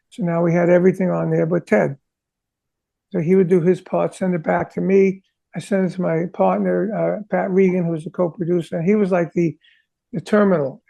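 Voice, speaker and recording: Man, interview guest, rock drummer, high gravelly voice, dark tone, animated storyteller. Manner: animated, sings drum parts vocally; acts out quoted conversations.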